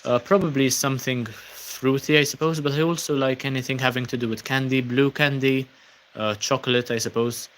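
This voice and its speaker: A young Maltese streamer hosts a casual session, reading out what viewers wrote and thanking them, his speech loaded with ums and uhs. He has a medium-pitched voice and talks fairly quickly.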